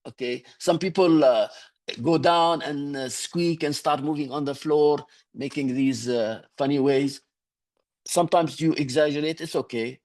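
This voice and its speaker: Higher-voiced man coaching humor. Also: a little mellow. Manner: instructive, repeats "okay?" to check understanding. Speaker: public speaking coach. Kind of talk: online speaking workshop lesson. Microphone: video call.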